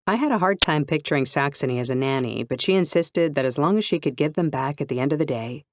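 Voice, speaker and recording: A woman narrating a first-person novel in an even, clear storytelling voice. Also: sits low, fast talker, background noise. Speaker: audiobook narrator.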